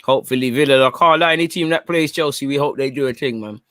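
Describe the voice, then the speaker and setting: A man's voice: mid-range voice, fast talker, bright, forceful tone, clean tone, dry recording, studio quality. A young man giving chatty live commentary during a football watchalong stream and reacting to viewer comments.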